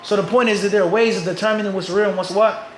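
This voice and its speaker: A man's voice: sits high, fairly even intonation, quick pace, a bit bright, echoey room, slight background noise, rough recording. A man from Philadelphia with an American accent, teaching a live audience and often asking rhetorical questions before answering them himself. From Philadelphia, USA. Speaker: Islamic teacher.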